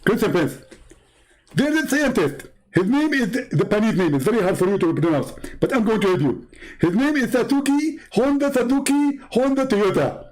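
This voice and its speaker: A man putting on a mocking comic impression of a pompous, smug preacher who speaks halting broken English with stammered repeats. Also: sits high, expressive, darkish tone, low-quality recording. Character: pompous smug male preacher, middle-aged, know-it-all.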